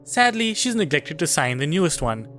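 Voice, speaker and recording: A man voicing a smooth, scheming female yakuza boss who talks with cool menace. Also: on the high side, very animated, moderate pace, a bit bright, faint music behind. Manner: silky, coolly menacing.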